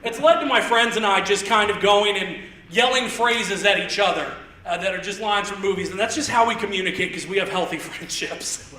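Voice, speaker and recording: A man in his thirties doing live stand-up comedy on a theater stage, rambling and self-deprecating with quick asides. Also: high voice, bright, forceful tone. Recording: roomy theater sound, mic heard from a distance.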